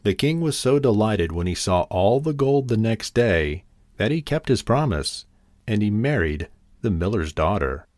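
A man narrating a fairy tale in an expressive, animated reading. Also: on the low side, a little slow, no room sound, clean studio sound. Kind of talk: storybook narration.

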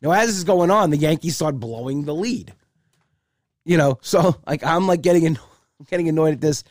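A man's voice: fairly high pitch, a little fast, dry recording. Dry-sounding man telling a chatty story. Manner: chatty, repeats "I said" while acting out both sides. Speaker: comedian. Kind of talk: casual storytelling.

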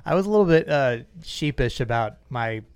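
Smooth, dry-sounding man chatting casually. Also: medium pitch, lively intonation, moderate pace, dry recording. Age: 30s or 40s. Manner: chatty, self-deprecating, retells stories with little voices. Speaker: podcast host. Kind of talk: casual podcast chat.

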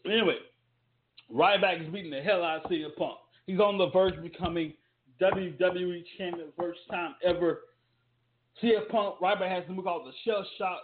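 A man rambles through wrestling talk and ad reads in an emphatic, loose way. His voice sits a little high. The audio is thin and tinny, like it came over a phone line. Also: steady tone, normal speed, a little hiss or hum. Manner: loose, emphatic, repetitive rhetorical questions. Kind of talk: casual commentary with ad reads.

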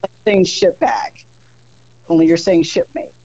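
A mid-pitched voice walking through ideas in a loose, conversational way, stopping and restarting as the thoughts come. The sound is a bit dull and lo-fi, like a modest home recording. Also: unhurried, vocal fry, a little mellow, no room sound. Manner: explains at length, thinking aloud with fillers. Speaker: podcast guest. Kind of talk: casual podcast chat.

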